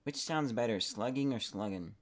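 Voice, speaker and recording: A young man thinks out loud as he plays, wandering from one idea to the next. His voice is soft and easygoing, sits mid-range for a man, and keeps trailing off. Some clicking is heard in the background. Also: mid-range voice, moderate pace. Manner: rambling, musing aloud while playing. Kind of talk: casual gaming commentary.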